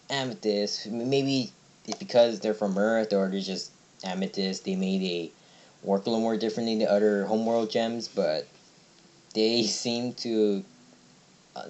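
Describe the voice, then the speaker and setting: A man's voice: lowish voice, darkish tone. A young man casually recapping and reviewing a cartoon episode, rambling with many fillers and restarts. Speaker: video reviewer.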